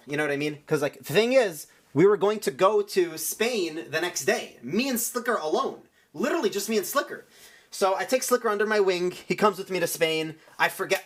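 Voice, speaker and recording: A man's voice: on the high side, fairly bright tone. A young man streamer telling a rambling story in casual chat, full of "like" and restarts.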